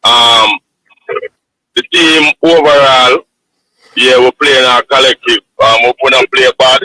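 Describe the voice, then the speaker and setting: A man's voice: medium pitch, fairly even intonation, slow, sharp tone, low-quality recording. A man with a Jamaican accent calling in to a sports show, giving earnest football analysis and repeating his points. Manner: earnest, repeats points, says you understand. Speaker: caller.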